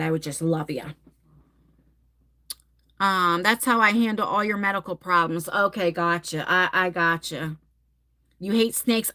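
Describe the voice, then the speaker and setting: A woman in her forties chatting candidly with viewers, laughing often and rushing through some phrases. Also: lowish voice, fairly bright tone. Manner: chatty and candid, laughing, bursts of fast talk. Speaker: vlogger answering viewer questions. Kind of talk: casual chat.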